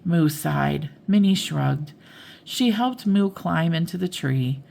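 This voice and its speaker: An older woman reading a bedtime story aloud in a slow, gentle manner. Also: deep voice, expressive, creaky.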